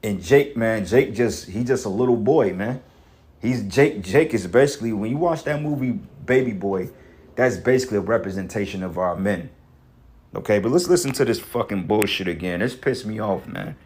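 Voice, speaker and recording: A man's voice: fairly low pitch, normal speed, darkish tone. A man commentating on a video clip in an angry, profane rant, emphatic and full of restarts. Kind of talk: heated reaction rant.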